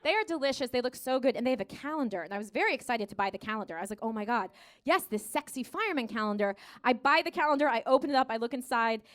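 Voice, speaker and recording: An American woman performing a live stand-up set, animated and acting out dialogue in voices. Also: high-pitched, racing, hardly any pauses. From United States. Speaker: stand-up comedian. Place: theater stage before a laughing audience.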